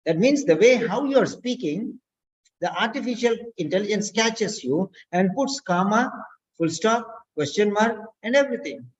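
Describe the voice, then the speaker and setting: A language teacher giving an instructional lesson, speaking slowly and deliberately and repeating key words. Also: medium pitch, animated. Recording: dull lo-fi recording.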